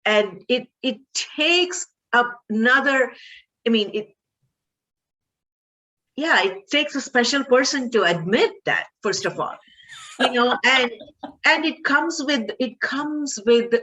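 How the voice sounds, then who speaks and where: A woman's voice: high-pitched, animated, slow, low-quality recording. Affirming woman podcast host. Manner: warm, affirming, gently encouraging. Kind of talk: interview conversation.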